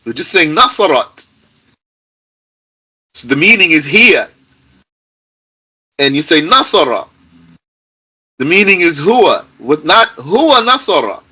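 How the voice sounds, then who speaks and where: Slow, animated man teaching grammar. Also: a little high, breathy edge, poor audio. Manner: patient, repeats key points, emphatic stress. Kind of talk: live classroom lesson.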